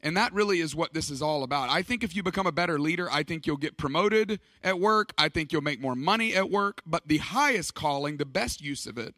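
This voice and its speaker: A man's voice: on the high side, expressive, fairly quick, few pauses, pushed and bright, no room sound. A middle-aged man speaking at a church leadership conference, telling stories in an emphatic, conversational way. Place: church stage.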